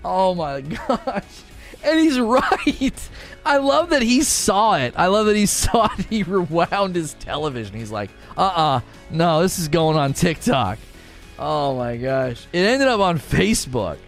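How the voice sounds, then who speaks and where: A man in his thirties live-streaming, chatting with his viewers in an excitable, teasing way and often breaking into laughter. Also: sits high, measured pace, gravelly, faint music behind.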